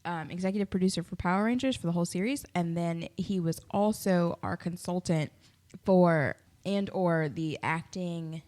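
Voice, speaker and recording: Excitable young woman podcast co-host. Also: on the low side, normal speed. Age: young adult. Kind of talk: casual chat.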